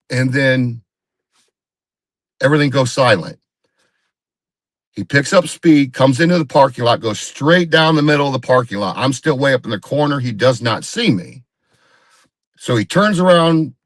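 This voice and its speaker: A man's voice: medium pitch, a bit bright, dry recording. A man, a guest on a live video call, telling a story in a rambling casual way and acting out what others said. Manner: rambling, repeats himself, acts out quoted dialogue. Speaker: guest Bigfoot researcher.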